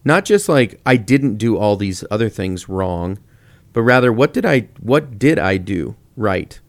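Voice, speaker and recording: A man's voice: on the low side, animated, measured pace, no echo. A man co-hosting a casual podcast discussion on faith, talking reflectively. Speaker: podcast co-host.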